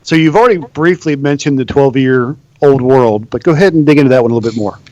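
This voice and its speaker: A male podcast host briskly asking an interview question. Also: mid-range voice, a little mellow, no room sound. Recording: dry, slightly dull audio.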